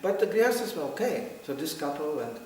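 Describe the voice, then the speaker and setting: A middle-aged man with a voice on the high side talks quickly, recounting anecdotes for a devotional gathering. He is a lively storyteller who laughs frequently and acts out quotes. Slight background noise, strong echo, and a far-off mic mark the recording.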